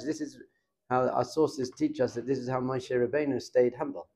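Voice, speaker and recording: A middle-aged man, a rabbi, giving an informal Torah class in a lively, conversational way and putting questions to his students. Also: medium pitch, moderate pace, highs cut off.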